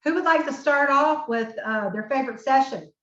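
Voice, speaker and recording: A woman's voice: high voice, normal speed, fairly bright tone. A woman hosting a live online chat, inviting the audience to share their thoughts. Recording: roomy, dull call audio.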